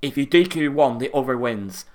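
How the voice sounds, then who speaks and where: A man's voice: mid-range voice, animated, moderate pace. A man co-hosting a podcast, ranting casually and swearing a lot in exasperation. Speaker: podcast co-host.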